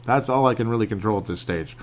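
A man's voice: lowish voice, fast talker, slight background noise. A man hosting his own podcast alone at a home microphone, rambling and self-deprecating, laughing often, with some audible lip smacking. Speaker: podcast host. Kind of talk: casual solo podcast monologue.

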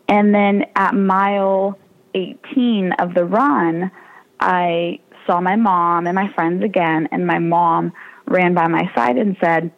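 A woman's voice: fairly low pitch, steady tone, takes it slowly, gravelly, dull audio. A young woman, a triathlete guest in an interview, telling her story casually and with animation, laughing often and acting out the voices of people she quotes.

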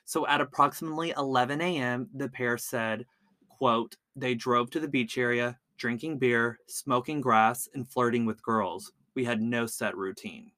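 A man's voice: mid-range voice, moderate pace, bright, forceful tone, dry recording. A man hosting a podcast, telling a true-crime story in a casual, chatty way, often stumbling over words and saying "like.". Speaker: podcast host.

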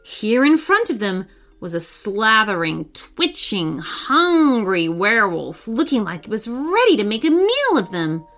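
A woman narrating a children's story in a scripted, expressive way with dramatic pauses. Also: a little high, faint music behind.

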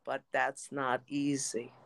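A woman telling her own story as a podcast guest, lively and quick to laugh. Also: a bass voice, creaky, a little hiss or hum. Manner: lively, laughs often between phrases. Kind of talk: storytelling in interview.

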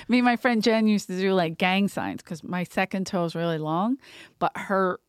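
A woman's voice: mid-range voice, unhurried, clear, resonant tone, no room sound, clean studio sound. Joking, self-deprecating woman host. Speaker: podcast host. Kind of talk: casual comedic chat.

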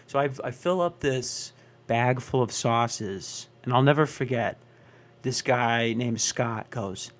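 Young guy doing standup, mid-pitch voice, swears a lot, keeps doing the voices of people in his stories. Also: slow. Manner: profane, exasperated, acts out characters. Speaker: stand-up comedian. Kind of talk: stand-up storytelling.

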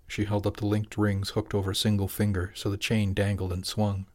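A man narrating an audiobook in an even, measured storytelling voice. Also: on the low side.

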